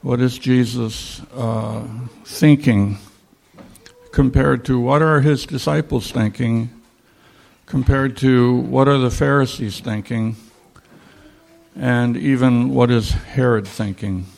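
A man teaching a Bible study in a slow, reflective way, pausing with fillers as he reads and explains scripture. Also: mid-range voice, fairly even intonation, creaky, a little mellow.

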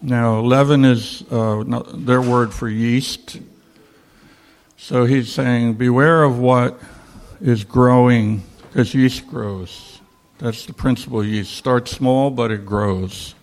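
A man teaching a Bible study in a slow, reflective way, pausing with fillers as he reads and explains scripture. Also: mid-range voice, fairly even intonation, a little mellow.

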